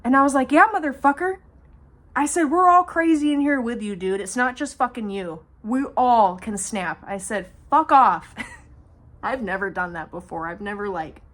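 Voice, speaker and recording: A young woman vlogger telling a storytime monologue to her camera, swearing freely and speaking with animated emphasis. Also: medium pitch.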